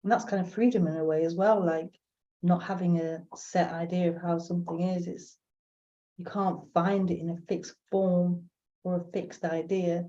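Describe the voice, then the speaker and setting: Hosting a live spiritual talk stream, this woman speaks at a moderate pace with a fairly low, warm voice and fairly even intonation. Her musings and replies to chat questions are full of fillers and repeated phrases, heard through dull lo-fi stream audio.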